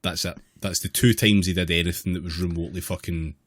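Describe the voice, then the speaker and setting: A man's voice: deep voice, fairly even intonation, fast talker, no echo, clean studio sound. A man co-hosting a podcast, complaining bluntly and emphatically with a lot of swearing. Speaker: podcast co-host. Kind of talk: casual film-review chat.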